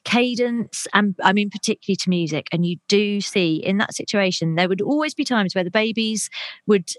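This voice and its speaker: A middle-aged woman, a comedian and awards host, telling lively anecdotes in casual chat with animated delivery. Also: fairly quick, no echo. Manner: animated storyteller, high-pitched impressions.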